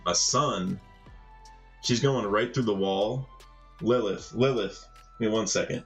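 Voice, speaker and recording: A man's voice: fairly low pitch, fairly even intonation, a little slow, pauses often, a bit bright, faint music behind. A man on a live stream reading manga dialogue aloud in a plain voice and breaking in with casual, chatty reactions.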